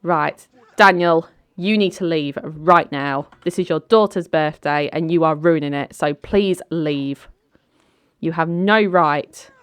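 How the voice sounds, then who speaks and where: A woman voicing a sharp-tongued, curt divorced mother of 39 who stands up to her ex-husband. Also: low voice, takes it slowly, clear, resonant tone, dry recording. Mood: stern. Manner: curt, dismissive.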